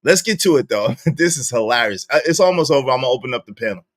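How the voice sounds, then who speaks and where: A young man with a Brooklyn accent, giving slangy, animated live-stream commentary and laughing often. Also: mid-range voice, fast, no room sound, clean studio sound. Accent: Brooklyn New York. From Brooklyn, New York. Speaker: streamer reacting to a show.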